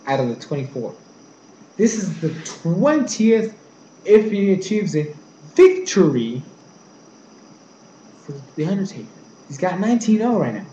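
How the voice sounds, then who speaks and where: A man's voice: a little high, warm tone. A young man casually recapping events and giving his predictions, retelling scenes and quoting characters in his own voice. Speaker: vlogger. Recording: echoey room, faint background noise.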